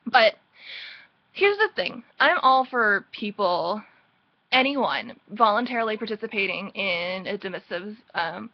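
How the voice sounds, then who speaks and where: A woman vlogger talks through book chapters in a loose, rambling recap, tossing in snarky, mocking asides as she goes. Her voice sits at an ordinary middle pitch for a woman. The recording is a little muffled and lo-fi. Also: animated, unhurried. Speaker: book reviewer. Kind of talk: casual sarcastic chapter recap.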